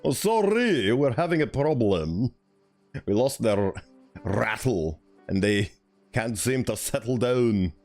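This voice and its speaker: A man's voice: medium pitch, animated, takes it slowly, darkish tone, faint music behind. A man voicing an anxious game villager in a raised, strained voice. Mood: worried. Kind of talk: voicing game characters on a live stream.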